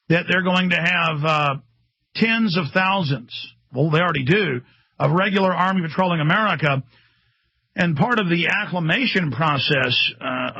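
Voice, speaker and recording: A man's voice: a little high, vocal fry, slightly rough, no room sound. A man hosting a talk radio show, ranting furiously and stammering when overwhelmed, on a dull lo-fi radio broadcast. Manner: furious ranting, building to shouts. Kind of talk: angry talk radio rant.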